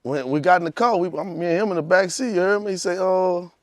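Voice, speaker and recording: Man, rambling storyteller, somewhat high voice, dry close sound. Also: quick pace, dry recording. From Louisiana. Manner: rambling, repeats "you hear me". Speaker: rapper guest. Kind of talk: casual storytelling interview.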